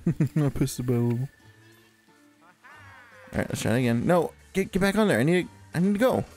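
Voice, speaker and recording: A young man on casual co-op game commentary, his highish voice swinging widely as he laughs, curses and barks orders at his partner. He teases constantly, with faint music under the talk. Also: animated, normal speed, darkish tone. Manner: laughs a lot, swears, bossy and teasing. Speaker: co-host of gaming commentary.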